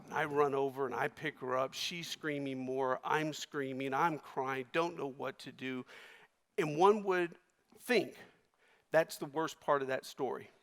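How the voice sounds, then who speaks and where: A man giving a keynote speech, telling a personal story with emotion, his voice swinging between loud and hushed. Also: mid-range voice, unhurried. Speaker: keynote speaker. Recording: long reverb of a large hall.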